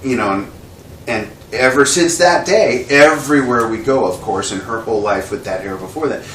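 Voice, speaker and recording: Male interview guest, mid-pitched, animated storyteller who acts out his quotes; roomy echo, off-mic, faint hiss. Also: normal speed, recorded from a distance. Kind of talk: casual anecdote telling. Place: indoor room with a window.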